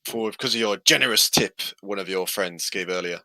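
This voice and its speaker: A man's voice: low-pitched, brisk, pushed and bright, no echo, exaggerated voice, low-quality recording. A man voicing a friendly, polite male bartender at a tavern. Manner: polite, welcoming.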